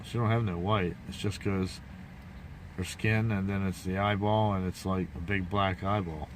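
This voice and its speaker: A man's voice: low-pitched, steady tone, moderate pace, a little hiss or hum. A man casually telling a rambling, folksy story to his viewers, full of restarts and asides. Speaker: vlogger.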